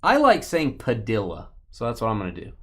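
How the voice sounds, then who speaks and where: A man's voice: mid-range voice, a little fast. A man hosting a live card-opening stream, joking and bantering casually with the people in the room and the chat. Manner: playful, joking banter with lively swings.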